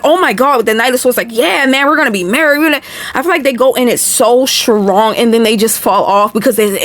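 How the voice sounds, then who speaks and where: A woman's voice: a little high, a little hiss or hum. A woman doing a casual tarot reading for viewers, blunt and chatty, swearing freely and talking straight to her audience. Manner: blunt, profane, chatty, addresses viewers directly. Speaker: tarot reader.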